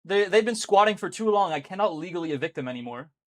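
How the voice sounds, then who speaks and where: Excitable rambling male game streamer. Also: sits high, fast talker. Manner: rambling and excitable, swears freely, laughs often. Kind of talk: casual live-stream chat while gaming.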